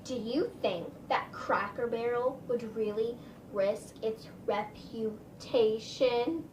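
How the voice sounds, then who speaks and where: A woman's voice: fairly high pitch, steady tone, normal speed, background noise, close to an everyday voice. A woman quoting a rude, dismissive waitress in a snippy, condescending tone, from a distance in an echoey room.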